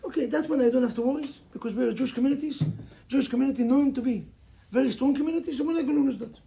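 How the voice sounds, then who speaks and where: A man's voice: very high-pitched, rapid-fire, gravelly, mellow. A man with an Israeli accent, a native Hebrew speaker, giving an emphatic motivational sermon as a rabbi and pressing listeners with rhetorical questions.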